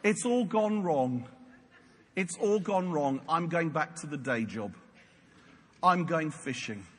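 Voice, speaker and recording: A glum, defeated fisherman sighs out his words, acted by a preacher. The delivery is flat and deflated. It sounds in a long-echoing hall. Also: fairly high pitch, slow pace, slightly rough, pitched below the performer's own voice, exaggerated voice.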